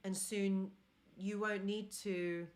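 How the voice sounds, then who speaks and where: Slow and flat in delivery, her mid-range voice addresses live-stream viewers directly. This relationship mentor speaks English with a non-native accent, earnestly urging her audience on.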